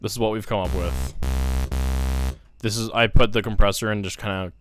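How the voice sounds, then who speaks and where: A man's voice: on the low side, steady tone, normal speed. A young man casually walking through synthesizer settings in a music production tutorial, thinking aloud with fillers as he works. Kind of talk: casual screen-recorded tutorial.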